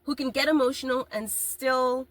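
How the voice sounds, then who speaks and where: A woman podcast host telling a story in a candid, animated way, laughing often and swearing freely. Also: sits high, moderate pace. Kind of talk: casual podcast monologue.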